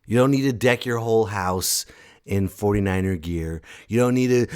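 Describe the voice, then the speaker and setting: A man in his thirties hosting a casual solo podcast, excitable and joking, restarting his sentences and jumping to loud high shouts when he mimics others. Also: moderate pace, clear, resonant tone. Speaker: podcast host.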